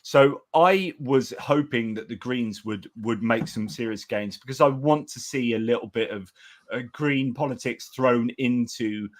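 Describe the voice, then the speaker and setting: A man's voice: medium pitch, unhurried. A man hosting a casual election-night live stream, talking in a rambling way with many restarts and reading out viewer comments.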